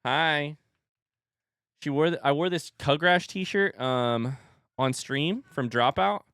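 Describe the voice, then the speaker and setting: A man streaming from home, chatting casually and telling an animated story between laughs. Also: fairly high pitch, measured pace, clear, resonant tone, no room sound. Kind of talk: casual chat. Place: home room with a standing desk.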